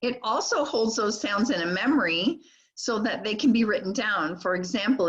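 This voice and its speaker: Brief: older female literacy trainer, deliberate modeling of speech sounds, dull lo-fi audio. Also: medium pitch, breathy edge. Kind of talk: recorded teacher training lecture.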